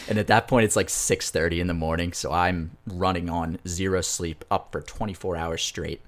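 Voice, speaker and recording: A man's voice: low-pitched, normal speed. A young man, a podcast co-host, telling a story in a rambling, casual way and swearing freely.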